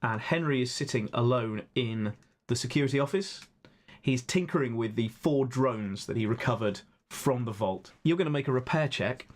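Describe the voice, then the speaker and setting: A man's voice: mid-range voice, normal speed. A man narrating as game master of a tabletop game, chatty and laughing between lines. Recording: roomy echo, faint noise.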